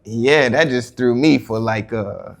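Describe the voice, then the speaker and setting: A man's voice: medium pitch, a little slow, vocal fry. Laid-back slangy male interviewer. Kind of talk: casual interview.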